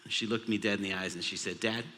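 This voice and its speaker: A man's voice: sits low, steady tone, rapid-fire, bright, forceful tone. A man in his thirties, a pastor, telling a humorous family story in a sermon. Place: large church auditorium. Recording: long hall reverb.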